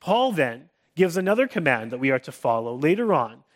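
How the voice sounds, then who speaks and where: A man's voice: on the high side, sing-song, fairly quick. Earnest man preaching a sermon. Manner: earnest, with frequent restarts; drops to a soft hush for comforting quotes. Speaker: pastor.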